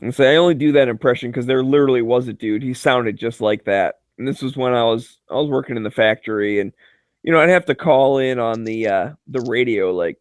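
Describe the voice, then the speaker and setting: A man's voice: mid-range voice, lively intonation, brisk, no echo, studio quality. A man in casual chat, telling joking, profane stories full of filler words and frequent laughter. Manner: loose filler-heavy delivery with many "like"s. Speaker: chat regular.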